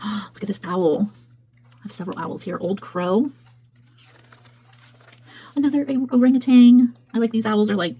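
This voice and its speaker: A woman's voice: medium pitch, normal speed, long pauses, a little mellow, slightly rough, poor audio. A woman, chatting casually as a craft video host while flipping through her work and often correcting herself. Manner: chatty, meandering, self-correcting. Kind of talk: casual flip-through chat.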